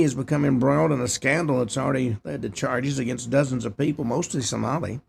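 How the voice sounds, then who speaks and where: A man's voice: medium pitch, gravelly, darkish tone, slight background noise. A man hosting a talk show, reading news headlines and adding short opinionated asides. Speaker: host. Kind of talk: news commentary.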